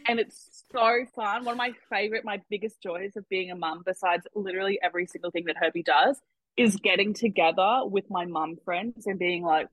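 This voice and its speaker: A young woman chatting casually as a podcast guest, animated and swearing freely as she jokes about complaining. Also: mid-range voice, brisk, no echo, poor audio. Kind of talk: casual chat.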